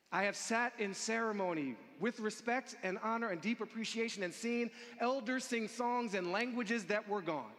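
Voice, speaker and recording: Man, high voice, earnest rousing speaker, long theatre reverb, crowd faint. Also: a bit bright. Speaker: speaker at a gathering. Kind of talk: inspirational speech. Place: large theatre stage.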